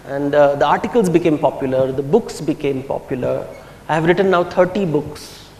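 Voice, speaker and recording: A middle-aged man from India, speaking, telling personal stories in a reflective, unhurried public talk at a commemorative function. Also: a little high, darkish tone. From India, grew up in Bombay. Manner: reflective, unhurried storytelling with pauses. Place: large hall or auditorium. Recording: echoey hall with long reverb.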